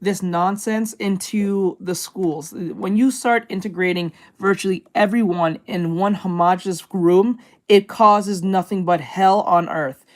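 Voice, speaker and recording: A woman's voice: medium pitch, steady tone, unhurried, hardly any pauses. A woman hosting a reaction video speaks in casual commentary. She is blunt and swears freely. She rambles with frequent restarts. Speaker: reaction channel host.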